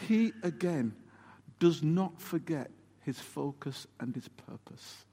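A man preaching a sermon, telling the story in an animated, emphatic way and asking rhetorical questions. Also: a little high, slow, breathy edge. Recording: long hall reverb.

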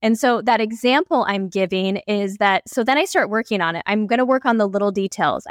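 A woman's voice: mid-range voice, no room sound, studio quality. A woman coach and podcast guest telling stories with energy, acting out her own inner dialogue. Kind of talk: energetic storytelling in an interview.

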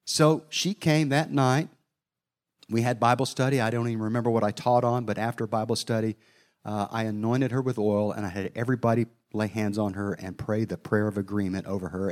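A man's voice: fairly low pitch, steady tone, a little fast, darkish tone. A middle-aged man preaching a sermon, telling a personal story in a folksy way, with asides to his listeners.

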